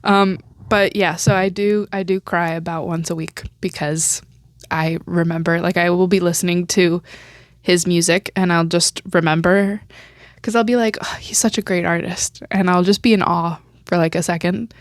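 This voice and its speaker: Young woman host, low-ish voice, dry close mic, rambling casual chat with laughs, a little teary. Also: steady tone, moderate pace, no echo. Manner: chatty and rambling, laughs often, fillers like um and like. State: teary and emotional. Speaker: podcast host. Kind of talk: casual solo podcast rambling.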